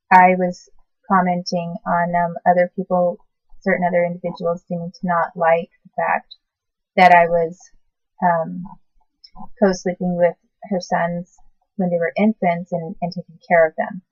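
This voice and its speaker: A woman in her forties recalling the past in a casual, halting way, often stopping to correct herself and search for words. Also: lowish voice, dry recording. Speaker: recalling past babysitting work. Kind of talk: casual personal recollection to camera. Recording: dull lo-fi sound.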